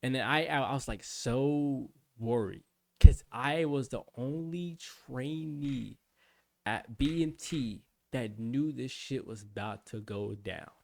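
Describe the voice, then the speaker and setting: A man's voice: mid-range voice, slow pace, creaky, warm tone. A young man casually telling a long story on his livestream, rambling and profane, full of restarts. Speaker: streamer.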